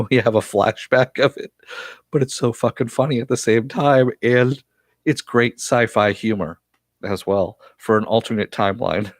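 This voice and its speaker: A man giving a casual, chatty spoken recap of a TV episode, often laughing and pausing with fillers. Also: mid-range voice, dry recording, clean studio sound. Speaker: TV episode reviewer.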